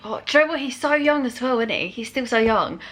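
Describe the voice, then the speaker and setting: A woman talking casually as she hosts a reaction video, chatty and quick to laugh. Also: fairly high pitch, expressive, a bit bright. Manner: chatty, pauses the track to comment, laughs often.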